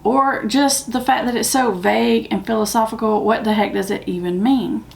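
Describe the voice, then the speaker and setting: A woman's voice: fairly high pitch, steady tone, moderate pace, vocal fry, a little hiss or hum. A woman with a Southern US accent, hosting a recovery channel and talking candidly and emphatically to the camera. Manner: candid, plain-spoken, emphatic. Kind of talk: casual talk to camera.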